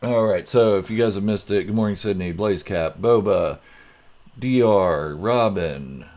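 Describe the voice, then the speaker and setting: A man's voice: fairly low pitch, expressive, slow pace, a little mellow. An American man hosting a casual live stream, chatting loosely and greeting viewers by name. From United States.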